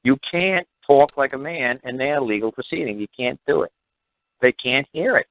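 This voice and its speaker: This call-in show host sounds animated, his mid-range voice moving at normal speed with no echo through a narrow, phone-like line. He talks bluntly and exasperatedly, repeating himself and occasionally swearing.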